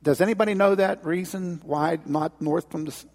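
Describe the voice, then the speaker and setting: A preacher tells a folksy story and draws a lesson from it, his voice fairly high and husky with a gravelly fry. The sound rings with a long reverb, as if from a big church hall. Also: normal speed. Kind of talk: sermon with storytelling.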